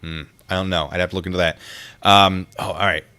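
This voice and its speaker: A man with a fairly low voice talks casually to his livestream audience. He rambles, catches himself mid-sentence and drifts off to read comments aloud, then picks the thread back up. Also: fairly even intonation, a little fast, pushed and bright, clean tone. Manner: rambling, easily distracted, reads chat aloud.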